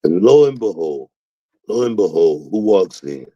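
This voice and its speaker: A man hosting a talk show, telling a story in a casual, animated way and acting out the quotes with sudden jumps in pitch. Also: normal speed, dry recording, muffled recording. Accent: Southern US. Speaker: podcast host, former wrestler.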